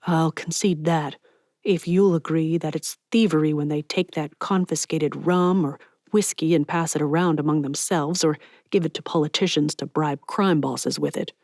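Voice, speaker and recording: A woman's voice: low voice, fairly even intonation, moderate pace, darkish tone, no room sound, studio quality. A woman reading an audiobook, voicing a streetwise 1920s gangster who talks bluntly in clipped slang. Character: streetwise 1920s gangster man, gruff but protective. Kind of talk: audiobook character voice.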